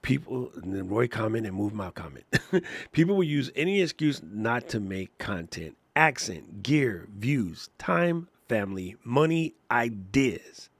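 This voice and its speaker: A man co-hosting a live podcast, talking in an animated, joking way and laughing often. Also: mid-range voice, unhurried, slightly rough, no echo. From Washington, D.C. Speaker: podcast co-host; teacher.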